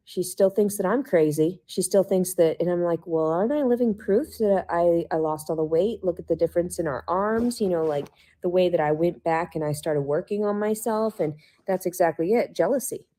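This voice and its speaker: A woman's voice: fairly low pitch, moderate pace, few pauses, dark tone. A woman ranting angrily in a hotel room, swearing heavily and sounding stuffy and unwell. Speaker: vlogger in a played video. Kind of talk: angry ranting monologue.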